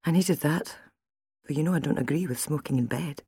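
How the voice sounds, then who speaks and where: A woman reading an audiobook, voicing a frightened young wife with a hoarse, shaky, breathless voice, raised in pitch and sometimes whispered. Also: fairly quick, mellow, dry recording, full character voice. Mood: calmer. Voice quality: hoarse, strained. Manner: shaky, breathless, near tears.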